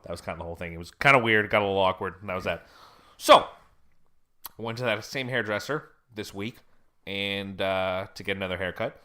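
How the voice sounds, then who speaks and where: A man's voice: lowish voice, brisk, sharp tone. A man co-hosting a podcast, telling a story in casual chat, rambling and often laughing. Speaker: podcast co-host.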